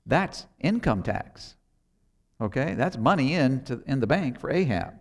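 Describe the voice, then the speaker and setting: A man's voice: mid-range voice, big pitch swings, a little slow. A man preaching a sermon, retelling a Bible story conversationally and acting out the characters' lines. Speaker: pastor.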